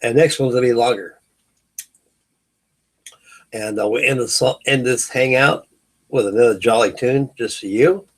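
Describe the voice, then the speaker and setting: A man's voice: mid-range voice, unhurried, long pauses. A middle-aged man from California hosting a late-night live hangout stream, chatting casually and telling rambling stories full of fillers and restarts. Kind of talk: casual chat.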